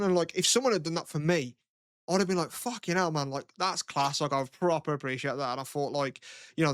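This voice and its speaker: A man's voice: mid-range voice, no echo, studio quality. A man, a podcast co-host telling a story in casual, rambling chat full of swearing and fillers.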